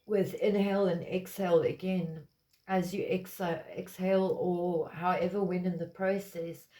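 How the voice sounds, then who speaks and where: Mellow-voiced woman giving a spiritual reading. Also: fairly low pitch, little pitch movement, unhurried. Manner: meandering, lots of fillers. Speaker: tarot reader.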